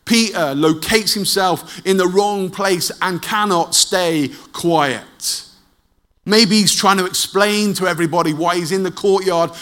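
A man preaching a sermon, telling the story dramatically and dropping low and soft at tense moments.

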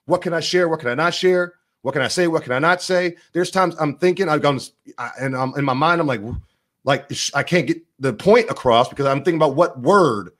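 A man hosting his own vlog in a combative, rambling political rant. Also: a little high. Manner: combative, rapid, rambling delivery. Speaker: vlog host.

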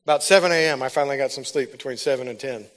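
A man's voice: medium pitch, very fast. A man giving a sermon, telling a personal testimony that builds into fervent preaching. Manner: storytelling, rises to loud fervent preaching.

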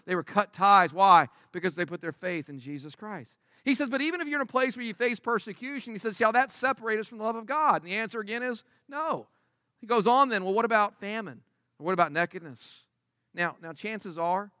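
A high-pitched, bright-toned man delivers a sermon from the pulpit during a church service. He preaches emphatically but conversationally, leaning on rhetorical questions. His voice comes through close and dry. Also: animated, brisk, no echo. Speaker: pastor. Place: church service before a congregation.

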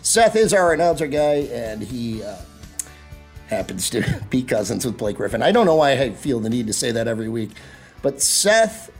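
A man hosting a comedy podcast, chatting in a rambling, animated way with lots of fillers and laughs. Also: mid-range voice, moderate pace, soft background music. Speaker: podcast host. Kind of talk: casual comedic chat.

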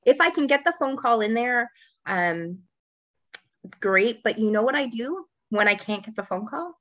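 A woman's voice: a little high, animated, normal speed, a bit bright, no echo, highs cut off. A woman co-hosting a podcast in casual chat, self-assured and talkative, with frequent restarts. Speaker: podcast co-host.

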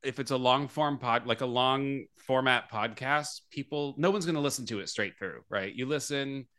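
Male podcast host, bright tense tone, chatty and self-mocking. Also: medium pitch, moderate pace, smooth. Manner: chatty, laughs often, self-deprecating. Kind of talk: casual podcast chat.

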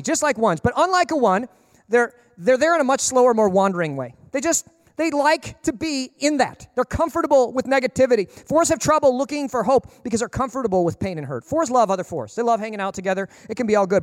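High-voiced animated male pastor preaching. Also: studio quality. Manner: animated, emphatic, humorous, acts out people in quick asides. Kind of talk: sermon. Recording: long reverb of a large hall.

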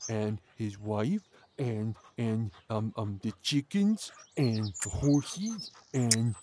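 A man voicing a dim, eager male farm dog who stammers and gets excited, in an audio comedy sketch. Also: on the low side, takes it slowly, noisy background, pitched below the performer's own voice. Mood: stammering. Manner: stammering, excitable, simple-minded.

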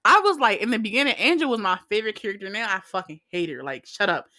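A woman co-hosting a podcast in casual chat, animated and profane, with her pitch leaping up when she acts out reactions. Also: fast. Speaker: podcast co-host.

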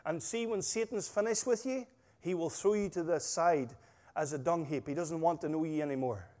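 A man preaching a sermon, emphatic and full of stories, his volume swinging between loud stresses and quiet asides. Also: fairly high pitch, moderate pace. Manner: emphatic, storytelling, rising and dropping volume. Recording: long hall reverb.

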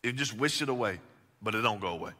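A man preaching a sermon, swinging from loud, emphatic lines to hushed, intimate questions. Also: on the low side, lively intonation, fast talker. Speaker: pastor. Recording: long reverb of a large hall.

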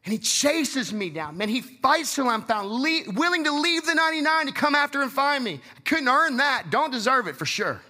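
High, bright-voiced male pastor preaching. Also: lively intonation, normal speed, few pauses. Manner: passionate preaching, acting out the story's voices. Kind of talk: sermon.

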